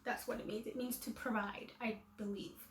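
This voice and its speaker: Chatty higher-voiced woman in echoey room. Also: little pitch movement, moderate pace, a little hiss or hum. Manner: chatty, self-deprecating, laughing at herself. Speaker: vlogger. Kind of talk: casual chat to camera.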